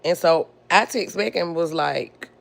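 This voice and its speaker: A woman's voice: on the low side, creaky, a bit bright. A woman hosting a podcast, telling a personal family story in a blunt, indignant way. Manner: blunt, indignant, drawn-out delivery. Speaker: podcast host.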